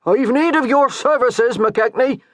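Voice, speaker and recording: A woman's voice: mid-range voice, expressive, moderate pace, no room sound, studio quality, voice pushed up, natural voice. A woman narrator voicing a harried male steward who talks earnestly and holds his patience. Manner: earnest, restrained, pleading.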